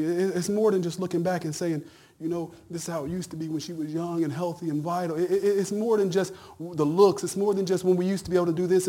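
Husky preacher man building to shouts. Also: on the high side. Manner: conversational preaching that builds to loud shouted peaks. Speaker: pastor. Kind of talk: sermon.

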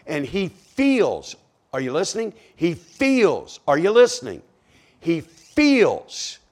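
A man preaching a sermon, swinging from hushed asides to shouted cries as he acts out the psalmist. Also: medium pitch.

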